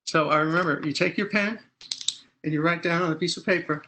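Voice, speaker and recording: A middle-aged man leads an animated talk on consumer rights and plays out phone calls line by line. His voice sits a little high and rings bright and forceful. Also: brisk, slight background noise. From Texas. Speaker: consumer advocate columnist. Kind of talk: presentation.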